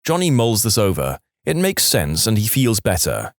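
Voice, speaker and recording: A man hosting a podcast, reading jokes aloud in a deadpan way. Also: fairly low pitch, normal speed, no echo, clean studio sound. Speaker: podcast host.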